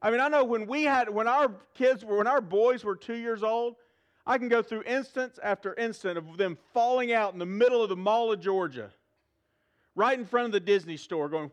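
A middle-aged man, preaching a sermon in a church to a live audience, animated and humorous, asking the crowd questions. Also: very high-pitched, normal speed. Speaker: pastor.

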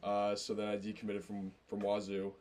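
A man's voice: lowish voice, monotone, normal speed, darkish tone. A young man, a college baseball player, answering interview questions in an easygoing way. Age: young adult.

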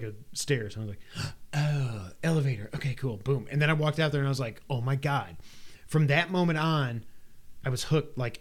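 Animated man retelling a game. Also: a little high. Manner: animated storyteller acting out game moments with sound effects. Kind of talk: casual chat recounting gameplay.

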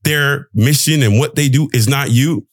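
Young male podcaster, mid-pitched, loose motivational rambler, dry close sound. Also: moderate pace, no echo. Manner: rambling, emphatic, swears for emphasis. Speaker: podcast host. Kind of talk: casual motivational monologue.

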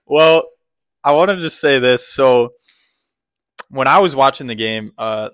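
Guy co-hosting a sports podcast, pumped up and rambly, mid pitch, dry close sound. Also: measured pace, clean tone, dry recording. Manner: excited, rambling with fillers. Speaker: podcast co-host. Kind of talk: casual sports podcast chat.

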